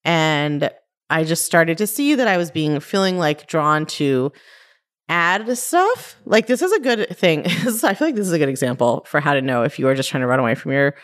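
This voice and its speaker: A woman in her thirties talks through her own coaching podcast in a low, grounded voice. She speaks casually and directly, with lots of "like" and "right?" and the odd curse word. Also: very animated, moderate pace. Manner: conversational, frequent "like" and "right?", mild swearing. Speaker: podcast host and life coach. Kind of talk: casual solo podcast talk.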